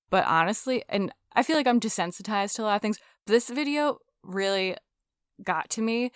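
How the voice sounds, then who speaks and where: A woman co-hosts a casual podcast and retells events with emphatic indignation. Her voice is smooth and clear. The recording is dry and close. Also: mid-range voice, brisk, no room sound. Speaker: podcast co-host. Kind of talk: casual true-crime chat.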